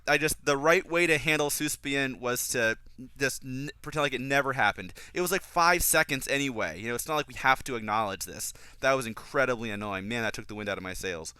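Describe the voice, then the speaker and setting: A man talks through a film in casual fan commentary, his voice bright and forceful with a smooth, crisp tone. He is strongly opinionated and flares into exasperated rants. The sound is dry and close. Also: medium pitch, no echo.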